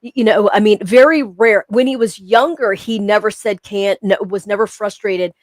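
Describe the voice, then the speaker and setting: A woman's voice: mid-range voice, fairly even intonation, moderate pace, no echo. A woman co-hosting a podcast, telling a story in casual chat, rambling with many fillers and restarts. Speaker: podcast co-host.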